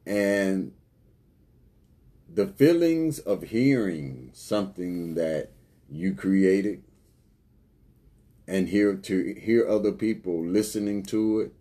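A man hosting a podcast in an earnest, unhurried, thankful way. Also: low voice, lively intonation, mellow. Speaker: podcast host. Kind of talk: casual podcast talk.

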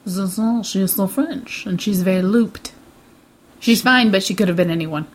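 A woman co-hosting a casual film review chat, teasing and laughing often. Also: medium pitch. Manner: giggly, teasing, quick to question. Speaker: film review podcast co-host.

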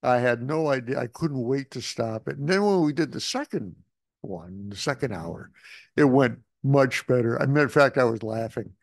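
A man in his seventies, a veteran radio newsman, telling lively anecdotes and acting out the voices in them. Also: medium pitch, normal speed, no echo, studio quality. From Connecticut. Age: 70s. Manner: animated, acts out voices in his stories. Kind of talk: storytelling anecdotes.

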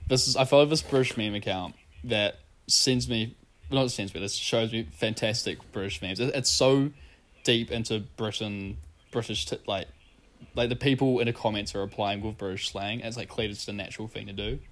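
A man's voice: lowish voice, normal speed. A young New man hosting a podcast, chatting loosely and giggling as he goes. He swears freely and reads online comments aloud in a loose, joking way. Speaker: podcast host. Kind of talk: casual podcast chat.

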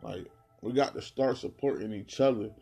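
A New Jersey man rants bluntly in a casual monologue, piling on heavy slang and repeating himself a lot. His voice is lowish, gravelly, and husky, with a dark tone at normal speed, and faint music plays behind him.

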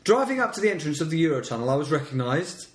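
A man's voice: on the high side, big pitch swings, quick pace. Sarcastic man reading news, echoey room. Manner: sarcastic, mocking, exasperated. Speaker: podcast co-host. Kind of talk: casual comedic chat, reading news aloud.

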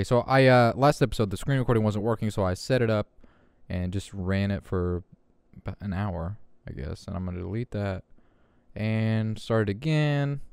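Young male podcast host: cussing, animated ranter with a smooth, dry close voice. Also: on the low side, no room sound. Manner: profane, animated ranting. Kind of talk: casual podcast rant.

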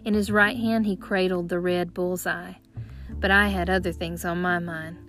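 A woman's voice: on the low side, fairly even intonation, moderate pace, a bit bright. Woman narrating an audiobook over music. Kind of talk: scripted first-person narration.

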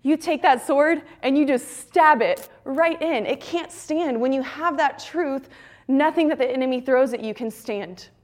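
A woman's voice: sits high, measured pace. A young adult woman giving a fervent, emphatic devotional talk at a retreat. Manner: fervent, emphatic preaching that ends in soft prayer. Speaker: retreat speaker.

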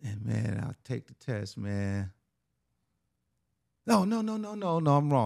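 Gravelly man telling a personal story. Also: medium pitch, very animated, slow, pauses often, no room sound, studio quality. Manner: conversational, peppered with "right?" and "man".

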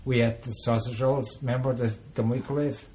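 A man chatting casually, blunt and quick with swearing asides. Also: mid-range voice, flat delivery, crowd noise. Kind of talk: casual chat.

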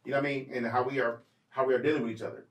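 A man's voice: medium pitch, little pitch movement, racing, roomy sound, far from the mic. A man hosting a podcast in casual chat, loose and rambling, with frequent restarts and ums. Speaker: podcast host.

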